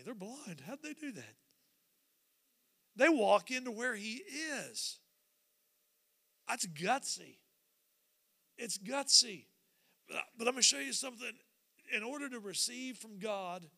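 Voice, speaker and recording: A man preaching a sermon, acting out the scripture scenes with animated swings between loud calls and quiet, confessional stretches. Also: very high voice, smooth, dry recording. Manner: drops to a quiet, confessional tone at times. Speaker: pastor.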